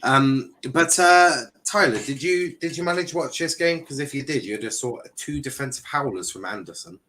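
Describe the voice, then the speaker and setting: A man's voice: mid-range voice, normal speed, bright, forceful tone, slight background noise. A man hosting a casual football panel show, talking with plenty of ums and blunt banter. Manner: hesitant, lots of fillers, blunt banter. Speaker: host.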